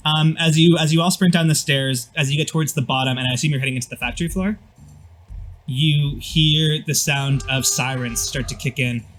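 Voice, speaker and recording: A man's voice: on the high side, fairly even intonation, fairly quick, a bit bright, soft background music, poor audio. Rambling male game master. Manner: loose, filler-heavy description. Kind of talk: narrating a tabletop game.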